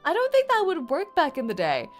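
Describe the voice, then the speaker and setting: A woman's voice: very high-pitched, wildly swooping pitch, brisk, faint music behind. A woman streaming a game, chatting in a giggly, playful, teasing way. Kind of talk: game livestream commentary.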